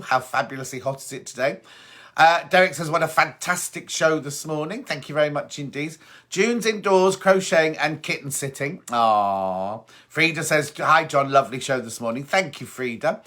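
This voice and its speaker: A man hosts a relaxed live stream from his phone, reading viewer messages aloud and replying between them. His voice is bright and sits a little higher than most men's. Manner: chatty, reads out comments and answers them. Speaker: host.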